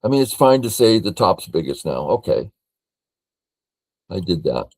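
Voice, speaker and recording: An older man from California reviewing a board game as a teacher, thinking aloud in a slow, matter-of-fact way. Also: low voice, big pitch swings, darkish tone, breathy edge, no room sound.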